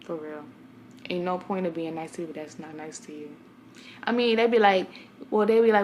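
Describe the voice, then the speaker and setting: A woman's voice: fairly low pitch, steady tone, moderate pace, a little hiss or hum. A young woman from Brooklyn, New York, talking casually to camera as a vlogger, a blunt and chatty storyteller who speaks straight to her viewers.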